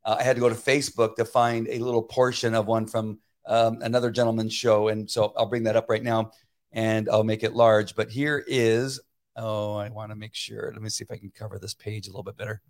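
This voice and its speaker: A man's voice: on the low side, little pitch movement, a little fast. A man hosting a casual livestream, talking emphatically with many fillers and restarts, and muttering to himself while he fixes technical problems. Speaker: livestream political commentary host.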